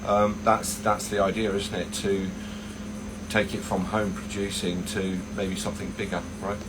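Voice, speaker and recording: A man's voice: fairly low pitch, flat delivery, moderate pace, heavy background noise. A man hosting a casual livestream chat, greeting viewers by name in a chatty way with plenty of fillers. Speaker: host of a chocolatier livestream.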